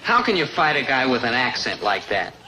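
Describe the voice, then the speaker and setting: Deadpan lovesick teen, plain middle pitch, hissy old soundtrack. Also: male voice, brisk, rough recording. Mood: wry. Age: young adult. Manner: wry, deadpan. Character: lovesick teenage boy, glum and wry.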